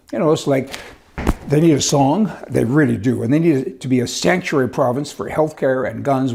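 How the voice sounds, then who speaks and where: Middle-aged man, sarcastic political rant, dark mellow tone, medium pitch. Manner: indignant, sarcastic, emphatic. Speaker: political commentator.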